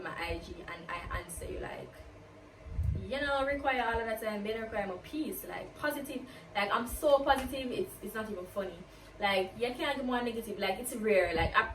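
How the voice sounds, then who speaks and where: Casting: woman vlogger, chatty Q&A, mid pitch, recorded a little off-mic in a roomy space. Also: noisy background. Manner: chatty, peppers talk with "like", slips into patois. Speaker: YouTuber. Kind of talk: casual get-to-know-me Q&A. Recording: roomy, distant from the mic, faint ambience.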